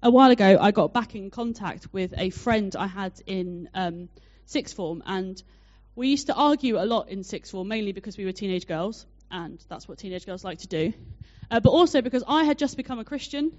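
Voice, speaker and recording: A young woman preaching a sermon, telling a personal story in a chatty, animated way with many fillers. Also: medium pitch, normal speed, hardly any pauses. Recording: dull lo-fi sound.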